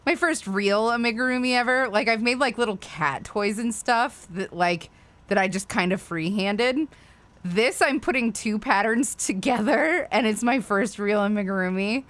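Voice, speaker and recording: A woman's voice: a little high, normal speed, fairly bright tone. A woman hosting a casual livestream and chatting to viewers, ranting with frequent swearing and apologetic asides. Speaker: livestream host.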